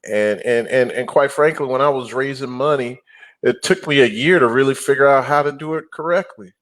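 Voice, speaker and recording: A middle-aged man talking casually as a guest, an animated storyteller who acts out quotes and growls for emphasis. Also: medium pitch, brisk. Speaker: guest, apartment investor. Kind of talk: casual interview talk.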